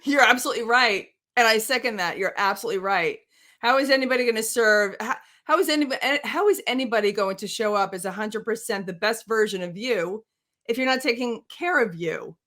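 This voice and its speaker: A woman's voice: on the high side, fairly quick, fairly bright tone. A woman hosting an interview, speaking expressively and emphatically, often laughing as she talks. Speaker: host. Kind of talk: casual interview talk.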